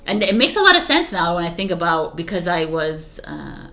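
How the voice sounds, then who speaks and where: A woman with a fairly low voice talks casually as a tarot reader, sharing her thoughts with viewers. She rambles and reflects aloud, trailing off with fillers and breaking into soft laughs. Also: big pitch swings, moderate pace, faint music behind. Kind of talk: casual spiritual talk to viewers.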